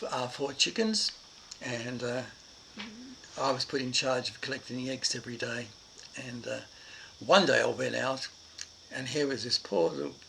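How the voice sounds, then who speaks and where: A man's voice: mid-range voice, vocal fry, pushed and bright, a little hiss or hum, low-quality recording. An older man with an Irish Australian accent telling a childhood story in a rambling, reflective way. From Ireland and Australia. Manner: rambling and reflective, with many fillers.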